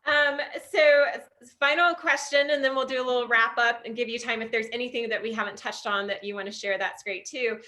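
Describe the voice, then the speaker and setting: A woman hosts a casual interview and reads out questions from the audience. Her voice is bright and sharp, and her tone stays friendly, with plenty of "um" and "like". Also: a little high, fairly even intonation, a little fast. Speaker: host of a book club interview.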